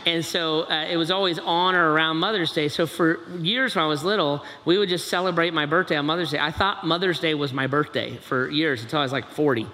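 A man's voice: on the high side, brisk, hardly any pauses, pushed and bright. A middle-aged man from Ohio, telling a personal story in an earnest, conversational way and often adding "right?". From Dayton, Ohio, USA. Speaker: speaker. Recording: echoey large hall, faint ambient noise.

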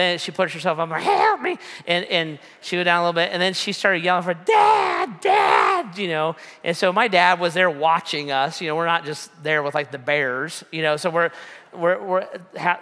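Bright-voiced preacher in a reverberant hall. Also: male voice, high voice. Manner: rambling, casual, many fillers and restarts. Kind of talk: storytelling sermon.

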